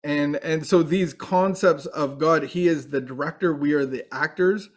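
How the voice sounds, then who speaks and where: Man, earnest recovery speaker, faith-based talk, slightly higher voice. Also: moderate pace. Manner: earnest, with frequent restarts.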